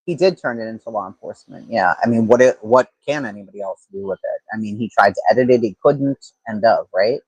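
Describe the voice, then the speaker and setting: Man, livestream host, husky voice, dry close sound, rambling casual commentary. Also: lowish voice, brisk, few pauses, darkish tone, no echo, highs cut off. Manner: rambling, thinks aloud, frequent fillers and restarts. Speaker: true-crime livestream host.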